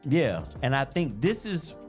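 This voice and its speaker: Animated Southern man in his fifties. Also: medium pitch, measured pace, faint music behind. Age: 50s. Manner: animated storyteller who acts out the people he quotes. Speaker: podcast co-host. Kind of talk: casual podcast chat.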